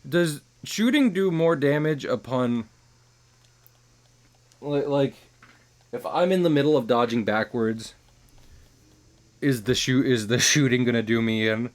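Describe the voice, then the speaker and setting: A man giving casual, rambling commentary while streaming a game, chuckling at his own jokes and trailing off into quieter asides. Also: medium pitch, measured pace, long pauses.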